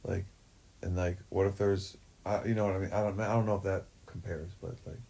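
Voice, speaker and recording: A man's voice: sits low, little pitch movement, brisk, creaky, warm tone, husky. A man talking in a rambling, profane way, full of fillers, in a livestream monologue. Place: forest shack.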